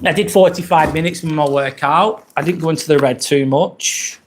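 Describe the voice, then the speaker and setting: Speaking at a moderate pace in a voice on the high side, an English-accented man chats on a casual live stream and responds to viewer comments as they come in. He's indoors in a rented apartment, and a little hiss or hum can be heard.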